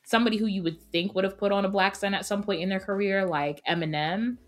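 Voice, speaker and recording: A woman co-hosting a podcast roundtable, talking in an emphatic, opinionated, animated way. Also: mid-range voice, quick pace. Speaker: podcast co-host. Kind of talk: casual roundtable chat.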